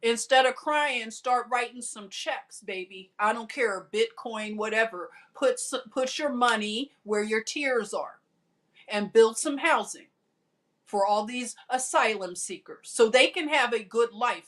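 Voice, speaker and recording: Woman commentator, slightly high voice, slow and sarcastic, scolding delivery. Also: a bit bright. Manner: sarcastic, scolding, addresses people directly. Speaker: commentary vlogger. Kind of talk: opinionated video commentary.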